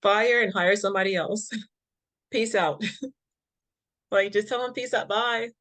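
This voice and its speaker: In this interview, a woman appears as a guest and patient advocate, telling a candid, spirited story in which she acts out the dialogue, laughing easily and tossing in punchy slang. Her voice is mid-range and she speaks slowly.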